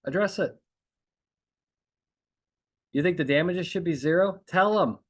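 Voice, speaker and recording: A man's voice: fairly high pitch, a little slow, breathy edge. Emphatic man coaching on courtroom speaking. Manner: emphatic, repeats phrases and checks in with "okay?". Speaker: trial consultant podcast host.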